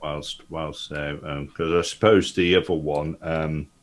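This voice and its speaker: A man's voice: extremely low pitch, little pitch movement, unhurried. A man playing a tabletop game, chatting hesitantly with many fillers. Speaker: player. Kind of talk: casual game chat.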